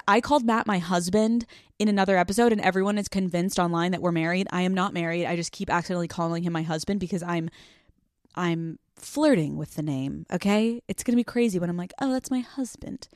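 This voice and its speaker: A woman's voice: on the low side, no echo, studio quality. A woman hosting her own podcast, venting in a candid, rambling, profane way in casual chat. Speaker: podcast host. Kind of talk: casual solo podcast rant.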